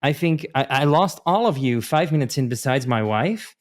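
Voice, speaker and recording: A man's voice: mid-range voice, moderate pace. A man from the Netherlands, a podcast guest chatting casually and telling rambling stories full of restarts. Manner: animated storyteller, rambling with many restarts.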